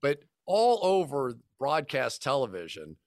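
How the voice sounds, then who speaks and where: A man's voice: mid-range voice, huge pitch swings, unhurried, dry recording, clean studio sound. A man in his fifties, a football broadcaster, telling rambling anecdotes on a podcast and acting out the dialogue. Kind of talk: casual podcast storytelling.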